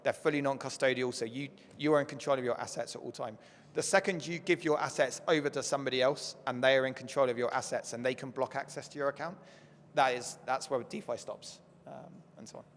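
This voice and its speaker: A man speaking on a conference panel, explaining with lots of filler words, his voice going hoarse as he keeps clearing his throat. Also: mid-range voice, fairly even intonation, quick pace, a bit bright, a little hiss or hum. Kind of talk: panel discussion. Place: conference stage. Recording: echoey conference hall.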